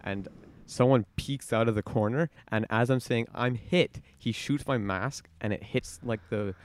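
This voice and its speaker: A man co-hosting a podcast, chatting casually with friends and telling animated stories between laughs. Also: mid-range voice, normal speed. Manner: animated storyteller, laughs often. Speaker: podcast co-host. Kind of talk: casual chat among friends.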